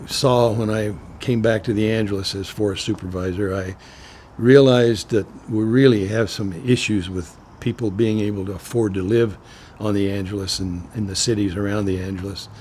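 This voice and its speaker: An older man from Oklahoma, a retired forest supervisor, tells stories in an oral history interview, rambling with restarts and clearing his throat. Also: fairly low pitch, steady tone, normal speed, darkish tone, a little hiss or hum.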